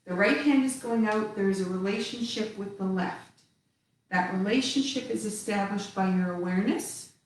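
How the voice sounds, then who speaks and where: A woman teaching a tai chi class, calmly cueing each movement step by step with the odd laugh. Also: medium pitch, a little hiss or hum. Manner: slow calm cueing of movements, occasional laughs. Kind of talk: live online movement class. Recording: echoey room, speaker far from the mic.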